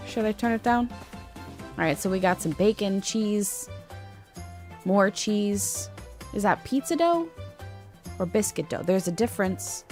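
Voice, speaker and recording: A woman's voice: mid-range voice, expressive, unhurried, long pauses, soft background music. A woman streaming live, chatting casually and joking about herself while reacting to a cooking video. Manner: playful, self-joking, chatty asides to chat. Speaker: VTuber streamer.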